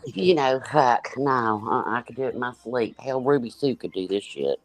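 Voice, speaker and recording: A woman's voice: a bass voice, lively intonation, normal speed, noisy background. A woman hosting a casual livestream, joking and laughing as she reacts to other streamers. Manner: sassy, joking, lots of laughter. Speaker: host.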